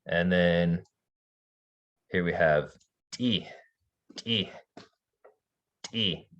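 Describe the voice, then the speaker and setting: A man teaching a language class, relaxed, slowly demonstrating sounds with soft laughs. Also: sits low, dull audio. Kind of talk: online language lesson.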